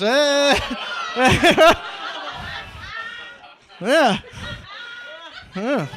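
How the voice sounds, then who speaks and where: A man's voice: very high voice, a bit bright. A young man from Indiana performing a stand-up comedy set, peppering his lines with "like" and "right?" and laughing at his own jokes. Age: young adult. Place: comedy club stage.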